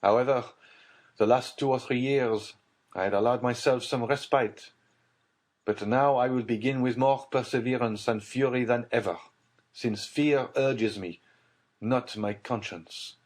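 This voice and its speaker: A man's voice: medium pitch, unhurried, a little mellow, pitched above the performer's own voice, close to an everyday voice. A man voicing a desperate middle-aged nobleman who speaks with tense, urgent gravity in an audiobook. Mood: grave. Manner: tense, urgent and grave delivery. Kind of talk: audiobook character voice.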